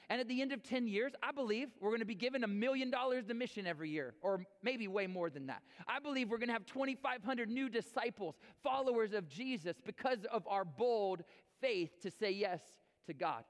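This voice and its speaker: A man preaching a sermon as pastor, reading scripture and then speaking with energetic repeats and stumbles. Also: very high-pitched, normal speed, big-room sound. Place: church sanctuary.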